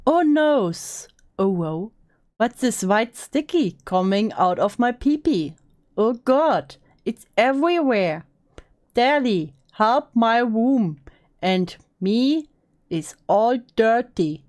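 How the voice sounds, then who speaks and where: A woman's voice: fairly high pitch, lively intonation, a little mellow. A woman putting on a whiny baby-talk uwu girl. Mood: simpering. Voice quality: exaggerated cutesy baby talk, drawn-out whimpers. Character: whiny childish uwu-voiced girl, simpering and baby-talking. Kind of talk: mock dramatic reading of comments.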